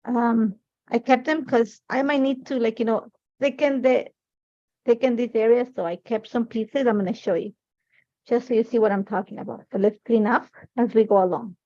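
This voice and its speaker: A woman in her forties walks viewers through a live scrapbooking project in a chatty, meandering way, sprinkling "like, you know" everywhere. Her voice sits a bit high for a woman. The livestream sound is dull and lo-fi. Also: normal speed, mellow. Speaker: craft livestream host.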